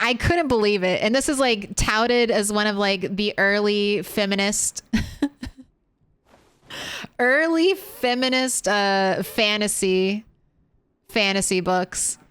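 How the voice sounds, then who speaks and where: Chatty woman streamer, smooth dry voice. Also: medium pitch, a bit bright, no echo. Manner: rambling, chatty, swears freely. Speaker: game streamer. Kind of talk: casual gameplay chat.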